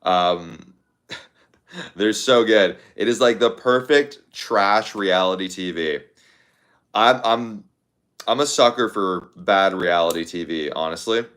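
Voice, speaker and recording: A man hosting a casual livestream, reading viewer comments aloud in a fairly low voice. He talks offhandedly, thinking out loud with plenty of fillers and repeated words. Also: slow. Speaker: livestream host.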